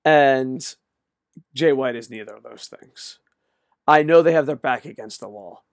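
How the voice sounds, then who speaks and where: A man's voice: mid-range voice, measured pace, no room sound, studio quality. An older man ranting, exasperated and sarcastic, with frequent profanity, in a solo video. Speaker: wrestling commentator.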